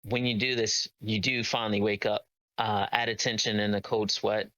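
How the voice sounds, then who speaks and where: A man's voice: on the low side, flat delivery, normal speed, pushed and bright, dry recording, poor audio. A man narrating as game master of a tabletop game, hesitant with many ums and uhs.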